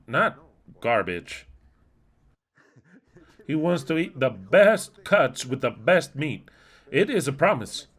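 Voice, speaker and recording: A man's voice: mid-range voice, fairly bright tone. A man preaching a sermon, reading scripture aloud and explaining it emphatically, often swinging his pace and volume. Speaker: pastor.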